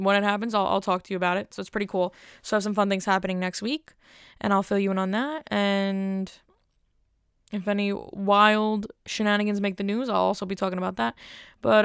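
Chatty young woman with a gravelly voice. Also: medium pitch, dry recording, clean studio sound. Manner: rambling, self-deprecating, chatty. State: cold, stuttering a little. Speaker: podcast host. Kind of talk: casual solo podcast chat.

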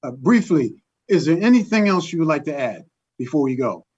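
A man interviewer asks his questions haltingly, with fillers and restarts. His voice sits a bit high for a man. The audio is dull and lo-fi. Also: sing-song, darkish tone, husky.

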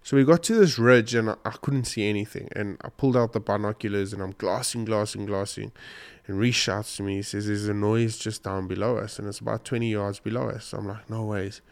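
A man with a slightly low, smooth, clear voice recounts a hunt to his viewers. He rambles and restarts, sounding choked up and sniffly. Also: fairly even intonation, fairly quick. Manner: emotional, rambling retelling with restarts. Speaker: hunting vlogger. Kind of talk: casual storytelling to camera.

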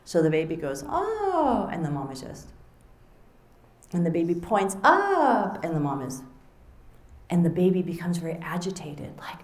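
A middle-aged woman author giving a conversational talk to an audience, animated and acting out little quoted exchanges. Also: on the low side, normal speed, long pauses. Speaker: author and speaker. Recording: roomy echo.

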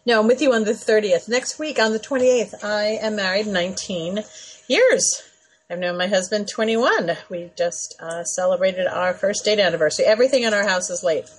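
A woman's voice: medium pitch, moderate pace, husky, poor audio. A woman in her forties hosting a radio talk show, chatty and earnest, laughing often.

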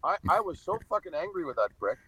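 A man's voice: on the high side, big pitch swings, fast, bright, forceful tone, poor audio. Foul-mouthed guy telling stories on a call, blunt and loose. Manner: blunt, profane, swears freely. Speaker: podcast guest, reality show star. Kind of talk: casual storytelling on a call. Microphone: phone or video call over wifi.

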